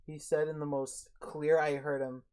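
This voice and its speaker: Soft-spoken young man, faint hiss. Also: on the high side, level tone, moderate pace. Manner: quiet, soft-spoken, hesitant. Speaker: podcast co-host. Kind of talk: casual chat.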